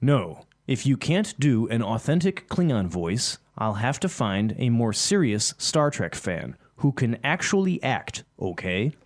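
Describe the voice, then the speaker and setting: A man's voice: mid-range voice, very animated, a little slow, few pauses. A man acting as a bossy starship captain who directs a fellow fan, speaking in a commanding, impatient way.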